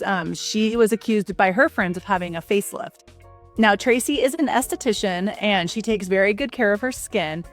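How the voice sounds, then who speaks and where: A woman in her forties, a guest in a casual interview, talking in a chatty, enthusiastic way with lots of fillers. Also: medium pitch. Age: 40s. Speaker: guest, red light studio owner.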